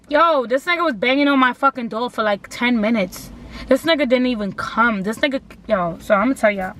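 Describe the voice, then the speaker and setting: A young woman vlogger telling a story casually, animated and full of slang and swearing, with lots of "like" fillers. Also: fairly high pitch, moderate pace. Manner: animated, slang-heavy and profane, repeats "like".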